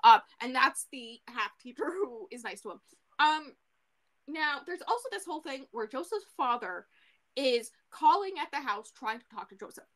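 Woman podcast cohost, bright voice, bit high, rambling animated book recap with lots of ums. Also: moderate pace. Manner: animated, swears, lots of fillers. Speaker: podcast co-host. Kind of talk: casual book recap chat.

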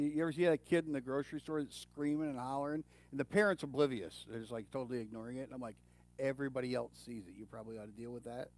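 Folksy pastor with a slightly high voice. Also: male voice, no echo. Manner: informal, folksy, with fillers and restarts. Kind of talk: conversational sermon.

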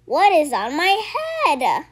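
A woman voicing a gentle, caring fox in a children's storybook reading, soft and calm, close to her narrating voice. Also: high-pitched, drawn-out words, heavily acted.

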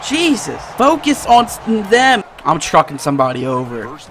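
Young guy yelling and laughing through his football game, high voice, swings all over. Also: moderate pace. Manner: animated, shouts and laughs at plays. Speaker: gaming channel host. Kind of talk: excited gameplay commentary.

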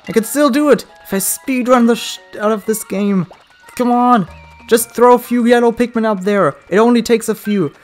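A let's play gamer commentating, swearing a lot, yelling at the game and then muttering to themself. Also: mid-range voice, moderate pace, faint music behind.

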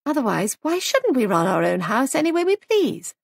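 A woman voicing an anxious young wife who runs a guest house, raising her voice higher and speaking in a worried, plaintive way. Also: very animated, normal speed, vocal fry, no echo, clean studio sound, heavily acted. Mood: fretful.

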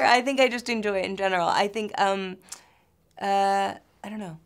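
A woman's voice: medium pitch, normal speed, clean tone. A woman from New York in her thirties, an actress answering interview questions in a chatty way, full of fillers and restarts.

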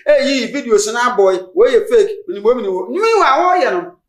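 A man's voice: very high voice, expressive, brisk, slight background noise. An older man with a Ghanaian accent, a church elder answering interview questions in an emphatic, preacherly way, slipping into English phrases. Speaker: church elder and spiritual leader, guest. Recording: roomy studio sound.

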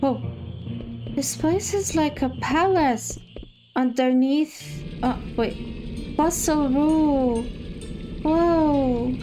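A high-voiced woman talks through a video game in casual let's-play commentary, reading the on-screen lines aloud. Her pace is unhurried, but she gets loud and excitable at scary moments. Game music plays steadily underneath. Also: low-quality recording. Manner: excitable, gasping and squealing when scared; also reads game dialogue aloud. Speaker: gamer. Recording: game music playing behind.

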